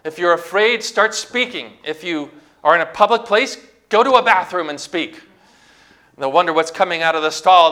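Male pastor, bright forceful voice, slightly high, preaching with emphasis. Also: expressive, moderate pace. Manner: emphatic, exhorting, rising to shouts. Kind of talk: sermon.

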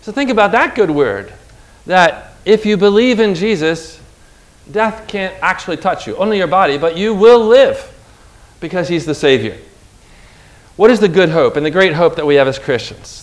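A man's voice: sits high, expressive, moderate pace. A man preaching a heartfelt, earnest sermon whose voice rises and falls with feeling. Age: adult whose father recently died. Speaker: pastor.

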